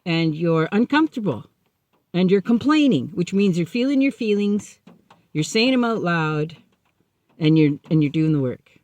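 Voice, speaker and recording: A woman's voice: on the low side, expressive, moderate pace, a little mellow, no echo, close to an everyday voice. A woman voicing a male recovery sponsor she once knew, who gives direct, matter-of-fact advice. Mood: encouraging.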